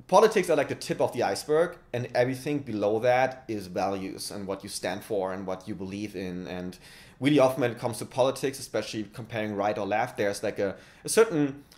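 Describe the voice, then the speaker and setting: A man in his twenties with a German accent, talking to camera in his flat and thinking aloud with many restarts. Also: medium pitch. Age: 20s. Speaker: vlogger. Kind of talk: casual talk to camera. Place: condo apartment.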